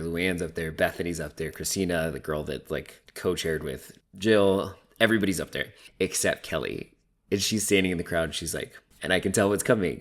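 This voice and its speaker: Deep-voiced chatty man recapping TV. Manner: chatty, gossipy, heavy use of "like". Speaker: reality TV recap commentator. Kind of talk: casual recap commentary.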